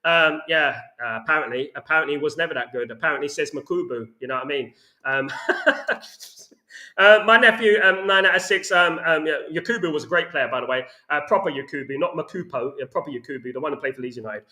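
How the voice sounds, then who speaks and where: A man's voice: on the high side, a little fast, sharp tone. A man hosting a casual football fan chat, reading out comments and ranting with lots of "you know what I mean". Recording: echoey room.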